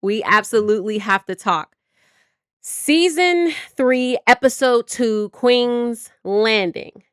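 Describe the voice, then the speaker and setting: A woman co-hosting a reaction show, talking excitedly and casually about a TV episode, swearing now and then. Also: fairly high pitch, slow, clean tone, dry recording, studio quality. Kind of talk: casual chat reviewing a TV episode.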